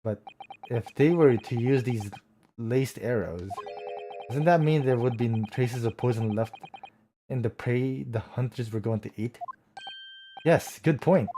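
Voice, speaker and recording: Male streamer doing all the dialogue voices in a game playthrough; faint game music underneath. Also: medium pitch. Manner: switches between character voices, excitable reactions.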